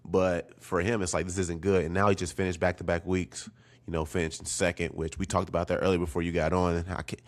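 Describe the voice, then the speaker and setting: A man's voice: deep voice, flat delivery, fast talker. A man hosting a podcast, talking casually and enthusiastically with a guest. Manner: enthusiastic, conversational. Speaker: podcast host.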